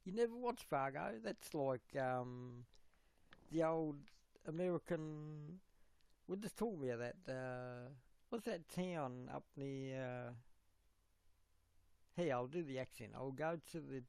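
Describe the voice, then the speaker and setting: A man chatting casually on a livestream, rambling and halting as he corrects himself. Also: medium pitch, lively intonation, vocal fry, darkish tone, clear, resonant tone, no echo.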